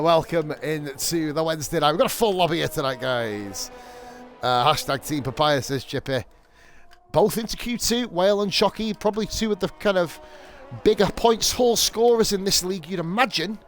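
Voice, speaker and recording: A young man commentates a sim racing stream in a slightly high voice. He rambles, swears freely and cracks jokes between laps. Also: a bit bright.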